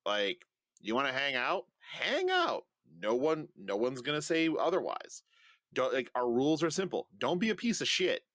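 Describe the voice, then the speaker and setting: A man's voice: medium pitch, animated, normal speed, fairly bright tone, no room sound. A man co-hosting a podcast in loose, casual chat. He jokes and swears bluntly, in a mid-range voice. The sound is close and dry. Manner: joking, blunt, swears freely. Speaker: podcast co-host.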